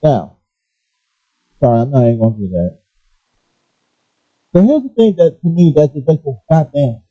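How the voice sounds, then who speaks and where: A man ranting casually about gaming and pausing often to apologize for his language. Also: fairly high pitch, dry recording. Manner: animated, apologetic asides, restarts. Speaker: gaming commentator. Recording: dull lo-fi, dry.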